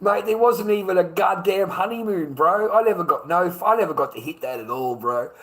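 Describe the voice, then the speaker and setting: In a ranting monologue full of swearing and repetition, an Australian man stammers as he keeps restarting sentences. He speaks fairly quickly in a high, expressive, slightly bright voice on a low-quality recording.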